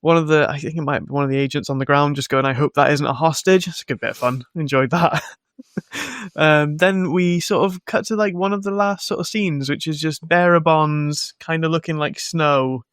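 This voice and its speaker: A man hosting a film podcast, recapping a movie with sarcastic, animated asides, frequent laughter and casual swearing. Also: a little high, moderate pace, smooth, no room sound, studio quality. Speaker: podcast host reviewing a film. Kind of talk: casual chat.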